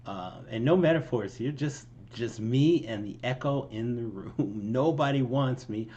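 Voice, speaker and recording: A man with a medium-pitched, unhurried, slightly mellow voice, its highs cut off, talks casually through the lines of his own song. He's a songwriter breaking it down line by line, rambling and poking fun at himself with lots of ums and restarts and the occasional laugh.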